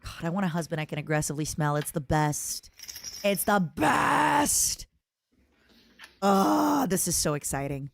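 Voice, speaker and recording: A woman streamer chatting casually and reacting to clips, excitable and playful, squealing over cute things. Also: low voice, fast talker, hardly any pauses.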